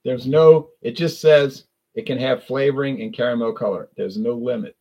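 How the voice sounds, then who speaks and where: A man's voice: mid-range voice, steady tone, normal speed, dark tone, husky, highs cut off. A man from South Louisiana with a South Louisiana accent, rambling through a casual live-stream chat about drinks with lots of restarts and self-corrections.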